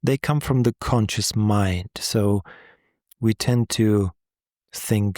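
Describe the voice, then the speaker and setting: A man speaking to his audience in a slow, measured, reflective way, sometimes restarting his words. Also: on the low side, fairly even intonation, a little mellow, no room sound, studio quality. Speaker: host. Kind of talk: reflective talk to camera.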